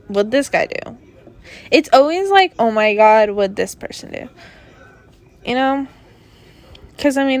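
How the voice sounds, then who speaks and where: A young woman hosting a casual solo podcast from her bedroom, rambling through stories with lots of fillers and asides. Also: mid-range voice. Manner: chatty, rambling with many fillers. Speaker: podcast host. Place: bedroom at her parents' home.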